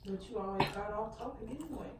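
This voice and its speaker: A woman, chatting and teasing from off camera. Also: mid-range voice. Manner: teasing, quick interjections. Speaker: off-camera companion. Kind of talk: casual chat. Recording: roomy, distant and noisy.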